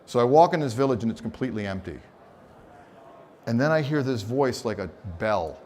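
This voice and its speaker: On a conference stage, a man with a medium-pitched voice talks briskly through a lively photography seminar. He tells funny, teasing stories and performs the quotes as he goes.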